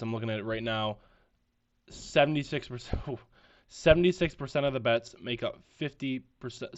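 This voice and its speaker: A man's voice: medium pitch, a bit bright. Stuffy-nosed man rambling on a podcast. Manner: rambling, self-deprecating, repeats himself. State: stuffy, congested nose. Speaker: podcast host. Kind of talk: casual solo sports-betting chat. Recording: slightly dull lo-fi audio.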